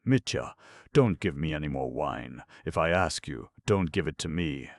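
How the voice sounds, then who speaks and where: In a dry, close recording, a reckless young woman pleads in a high, strained, breathless voice, as a deep-voiced man reads her out. She sounds tipsy and imploring, and a gravelly edge runs underneath. It plays like a storybook reading. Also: animated, normal speed, no echo, exaggerated voice. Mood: drunk, giddy.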